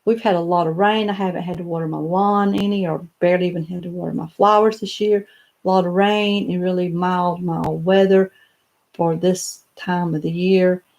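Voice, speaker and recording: With a fairly low, slightly mellow voice, an older woman holds a relaxed live-stream chat in her home office, where doll showcases line the walls. She answers viewer comments, rambling somewhat and often filling or restarting her sentences.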